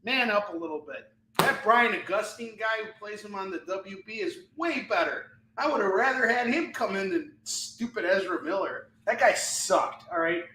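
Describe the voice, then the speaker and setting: A man hosting a live comic-selling stream, animated and ranting, often breaking into laughter. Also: high voice, normal speed, distant mic, a little hiss or hum. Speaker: live shopping show host selling comics. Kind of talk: live-stream sales chat and rant. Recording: echoey room.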